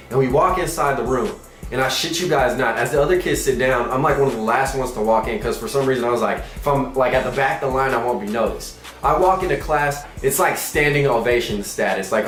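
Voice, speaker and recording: A young man telling a comic personal story, animated and profane, acting out quotes in shifting voices. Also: medium pitch, brisk, roomy sound, soft background music.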